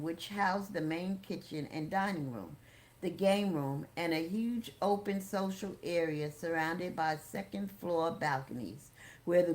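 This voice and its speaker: Woman reading a memoir aloud. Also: fairly low pitch. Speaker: audiobook reader.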